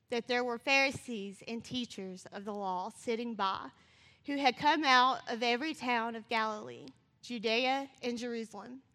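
Fast-talking woman preaching in a hall. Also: a little high, pushed and bright. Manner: fast-talking, rising to passionate calls. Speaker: church speaker. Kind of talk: sermon with scripture reading. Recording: long reverb of a church hall.

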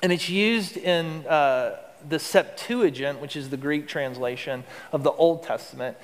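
A man's voice: on the high side, unhurried, long reverb tail. A man preaching a sermon as pastor, in an earnest, conversational way with rhetorical questions.

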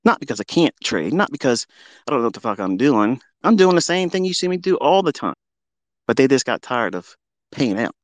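A man ranting brashly on a trading livestream, boastful and profane, jumping from loud outbursts down to low muttering. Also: big pitch swings, fairly quick, no echo.

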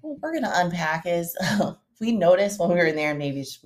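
Low-voiced teasing woman co-host. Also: very animated, moderate pace. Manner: dry, teasing banter. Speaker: podcast co-host. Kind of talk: casual chat.

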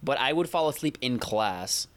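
A man's voice: medium pitch, animated, normal speed, fairly bright tone. A young man in casual chat who rambles and restarts his sentences often. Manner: rambling, hesitant, many restarts. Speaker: podcast co-host.

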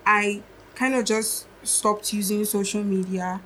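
A woman's voice: mid-range voice, steady tone, measured pace, a bit bright, a little hiss or hum, poor audio. Young woman musing aloud on a podcast. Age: young adult. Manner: reflective, musing, thinks aloud. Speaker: guest musician. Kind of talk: casual podcast interview.

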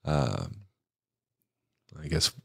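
A man's voice: rumbling low, lively intonation, drawn-out words, gravelly, fairly bright tone, breathy edge, no room sound, studio quality. A man hosting a podcast, laid-back and joking, mostly giving brief reactions and asking questions. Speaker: podcast host. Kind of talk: casual podcast conversation.

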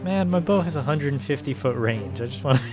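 A man playing a tabletop game, speaking haltingly with laughing asides. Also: medium pitch, expressive, music in the background. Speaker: player. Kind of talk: tabletop role-play.

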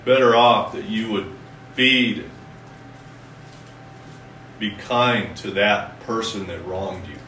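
Male pastor, folksy sermon delivery, bright tone, miked from a distance in a reverberant room. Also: lowish voice, steady tone, a little hiss or hum. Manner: folksy, reads scripture slowly and emphatically.

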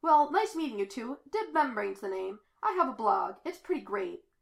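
A woman's voice: fairly high pitch, moderate pace, creaky. Woman voicing a paranoid teen monster hunter. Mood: breezy. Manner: excitable, paranoid, loud outbursts. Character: intense conspiracy-minded teenage boy.

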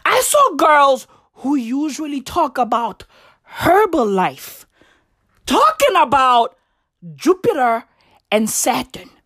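A woman delivering a profane comedic rant to camera, full of slang like "bruv" and "fam," with sudden shouted outbursts and big leaps in pitch. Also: big pitch swings, takes it slowly, pauses often, no room sound, clean studio sound. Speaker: comedic vlogger.

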